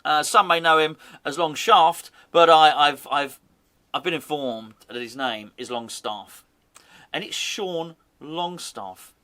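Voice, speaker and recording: Man, casual football chat, jokey, rambling, self-correcting, slightly high voice. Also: takes it slowly, sharp tone. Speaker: fan channel host.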